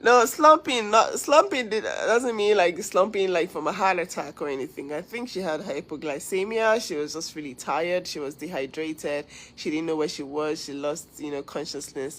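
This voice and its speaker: A woman's voice: on the low side, fairly bright tone, poor audio. A woman hosting a casual livestream, talking earnestly to viewers, giving advice and thanking them. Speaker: livestream host.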